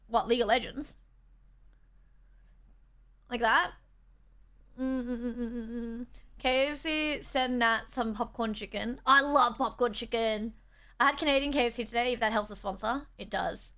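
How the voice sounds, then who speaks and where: A woman's voice: a little high, bright, forceful tone. A young Australian woman livestreaming, chatting casually and thanking her chat on a borrowed setup. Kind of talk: casual stream chat reading chat. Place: borrowed streaming setup indoors.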